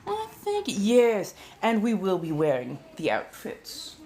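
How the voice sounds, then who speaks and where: A woman at medium pitch, warm but pushed up and heavily acted, lets her pitch swoop wildly, with a little hiss or hum behind her. She's streaming as a refined, centuries-old vampire with a colonial American accent of the 1700s, chatting leisurely and genteelly and calling viewers darling.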